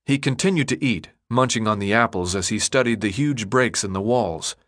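A man narrating an audiobook in an expressive, dramatic storytelling manner. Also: on the low side, moderate pace. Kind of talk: scripted narration.

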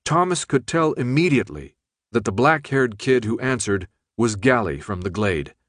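A man reading a novel aloud as narrator, in a steady, measured manner. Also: medium pitch, no room sound, studio quality. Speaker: audiobook narrator. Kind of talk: scripted narration.

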